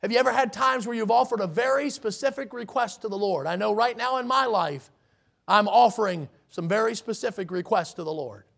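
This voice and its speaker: Male preacher mid-sermon: high, gravelly voice, slows and swells on each verse. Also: a bit bright. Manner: emphatic preaching, slows and swells on scripture readings.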